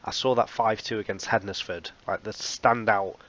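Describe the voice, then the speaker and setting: A man's voice: lowish voice, steady tone, moderate pace, a bit bright, dull audio. A man hosting a football management let's play, recapping results in a casual, wry, self-mocking way. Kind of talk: casual game commentary.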